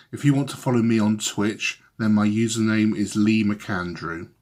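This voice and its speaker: A comedian talking casually and self-deprecatingly to the camera. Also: male voice, fairly low pitch, moderate pace, hardly any pauses, darkish tone. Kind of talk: casual direct-to-camera chat.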